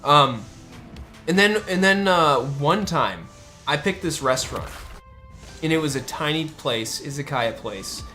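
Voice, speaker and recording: A man's voice: a little high, lively intonation, unhurried, bright, forceful tone, soft background music. A man from the United States chatting casually on a stream, rambling and restarting often. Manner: rambling, with many fillers and restarts. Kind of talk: casual chat.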